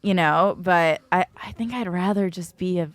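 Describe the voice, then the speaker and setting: A woman's voice: fairly low pitch, normal speed, no room sound. Chatty rambling young woman host. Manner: chatty, rambling, self-questioning. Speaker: podcast host. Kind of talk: casual podcast chat.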